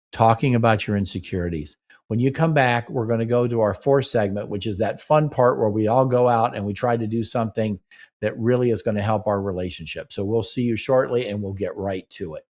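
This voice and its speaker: A middle-aged man with a fairly low, somewhat dark voice hosts a radio-style relationship advice show at a moderate pace. He speaks earnestly and acts out short sample conversations between partners.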